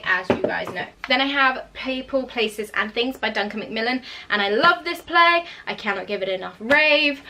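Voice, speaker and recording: A young woman talks in a bright, chatty way. Her voice sits a little high, and she laughs easily and stumbles over names as she goes. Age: young adult. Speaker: actor vlogger. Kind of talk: casual chat.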